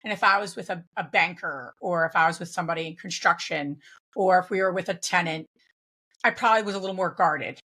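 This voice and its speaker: A woman's voice: on the low side, brisk, bright, forceful tone. A woman guest in a conversational interview, speaking reflectively with frequent restarts and fillers. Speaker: guest, real estate investor.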